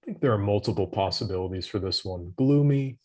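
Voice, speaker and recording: A man's voice: on the low side, lively intonation, a little fast, dark tone. A man tutoring English vocabulary over a video call, patient and encouraging, giving hints and praise. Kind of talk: online vocabulary lesson.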